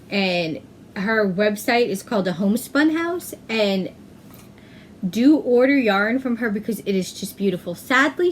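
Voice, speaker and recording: A chatty woman hosts a knitting podcast, talking at an unhurried, slow pace. She often pauses on "um" and corrects herself as she goes. A faint background noise sits under her voice. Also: medium pitch. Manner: chatty, self-correcting, frequent "um". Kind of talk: casual chat.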